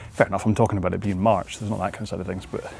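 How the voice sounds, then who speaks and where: A man's voice: low-pitched, little pitch movement, rapid-fire, gravelly, darkish tone, a little hiss or hum. A man coaching a follow-along rowing workout outdoors, chatting in a rambling, friendly way with self-deprecating asides.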